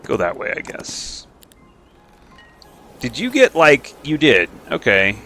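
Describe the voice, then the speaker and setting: A game streamer commentates casually over his own strategy game, chatty and self-mocking, thinking aloud and making silly noises and repeated sound effects. His mid-range voice is slow, pushed and bright with huge pitch swings, over soft background music.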